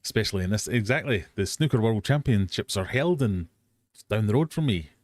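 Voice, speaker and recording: An English man hosts a live quiz hangout stream in studio-quality audio with no room sound, his lowish voice expressive and a little fast. He's chatty and self-mocking, drifts easily onto tangents, and breaks into silly sung bits.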